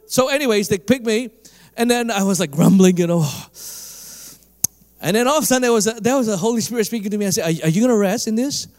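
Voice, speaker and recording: A middle-aged man preaching a sermon as a pastor, telling a story in an animated way and acting out the voices in it. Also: fast. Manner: animated storytelling, acts out dialogue with big pitch jumps.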